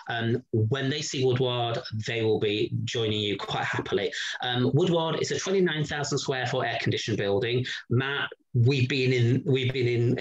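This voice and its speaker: A man's voice: mid-range voice, highs cut off. A middle-aged man giving a casual promotional walkthrough as a resort sales representative, talking chattily with many "sort of" and "um" fillers.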